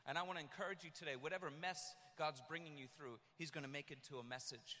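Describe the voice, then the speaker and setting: Man, 30s, preacher, animated sermon, high voice, long hall reverb. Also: quick pace. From United States. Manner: animated storytelling, shouting in bursts.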